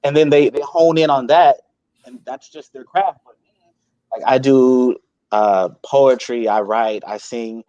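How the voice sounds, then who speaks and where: A male guest talking casually about himself with modest, self-deprecating humor and quick asides. His mid-pitched voice is recorded close and dry, with no room echo. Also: steady tone, dark tone, dull audio. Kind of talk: casual interview chat.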